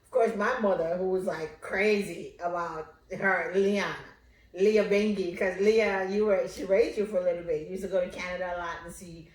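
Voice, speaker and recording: A woman's voice: fairly low pitch, moderate pace, roomy sound. A woman, the host's mother, telling a family story in casual chat and acting out the quotes. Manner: animated storyteller, acts out quotes with laughter.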